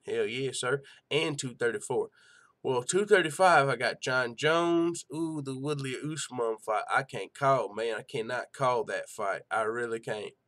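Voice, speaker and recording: On his live MMA talk stream, the young host goes through viewer comments casually, swearing and using slang, with a habit of saying "you know what I'm saying". His mid-range voice is a bit bright and keeps a measured pace.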